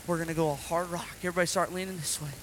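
A man preaching at a children's service, telling the story dramatically and shouting out acted quotes. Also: on the high side, steady tone, very fast, background noise. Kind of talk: interactive children's sermon.

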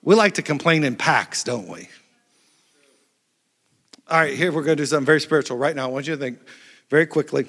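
Man, pastor, animated sermon, audience banter, forceful voice, echoey church hall. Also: fairly high pitch, a little fast, pauses often, husky. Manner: playful, animated preaching with crowd interaction. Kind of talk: lively sermon. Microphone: handheld microphone.

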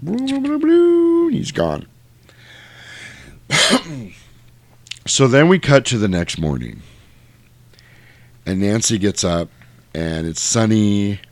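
A man's voice: low voice, no room sound. A man casually recapping a film plot for his co-host, acting out the lines. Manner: animated retelling, acting out lines. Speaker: podcast co-host. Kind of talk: casual movie recap chat.

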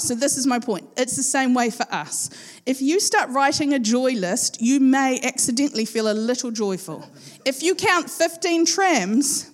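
A woman preaches in a lively, chatty way and laughs easily with her congregation. Her voice sits a little high. A long reverb hangs around her words in a large hall. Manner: chatty and playful, laughs often, speaks to a live congregation. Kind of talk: sermon.

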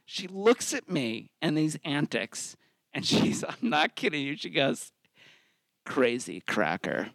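An animated man tells a comic story on stage, his fairly high voice leaping up and down as he acts out every quote. The sound is dry and close. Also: unhurried, gravelly, no room sound. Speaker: story slam host. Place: theater stage.

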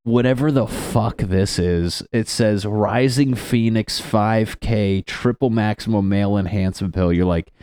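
A man's voice: fairly low pitch, a little slow, few pauses, darkish tone, smooth, no room sound, studio quality. A man doing a casual, crude comedic monologue as a podcast host, rambling and laughing at his own jokes.

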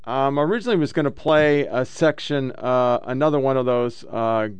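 A man's voice: mid-range voice, normal speed, clean tone, no echo. A man hosting a podcast, setting up clips in an offhand way with frequent ums. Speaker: podcast host. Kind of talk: casual show hosting.

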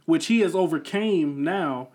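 High-voiced man arguing insistently. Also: unhurried, a little mellow. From central Illinois. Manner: insistent, teasing, talks over others. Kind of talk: heated casual debate.

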